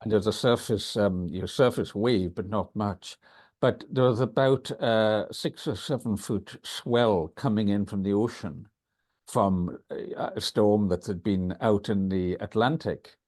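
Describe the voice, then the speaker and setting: A man from Scotland with a Scottish accent, a podcast guest telling stories in an animated way. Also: measured pace. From Scotland, Isle of Lewis. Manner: animated storyteller, pitch leaps when excited. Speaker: guest, writer. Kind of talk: conversational storytelling.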